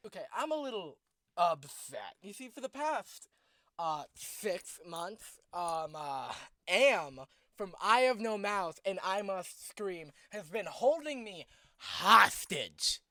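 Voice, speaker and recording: A man hosts a comedy vlog with a bright, forceful voice and an unhurried delivery. He rants sarcastically, swinging from muttering to exasperated shouting, and is recorded dry and close. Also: sits high, big pitch swings, no echo. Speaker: host.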